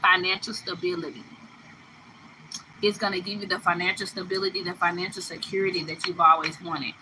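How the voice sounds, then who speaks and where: This tarot reader has a fairly low, level voice and speaks fairly quickly against background noise. Offering a spiritual reading, she addresses the listener with affection and emphasis, laughing between phrases she repeats.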